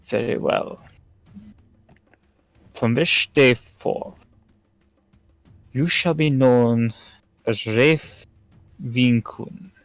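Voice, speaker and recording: Slow dry-voiced man game master. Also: mid-range voice, no room sound, poor audio. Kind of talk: narrating a tabletop game.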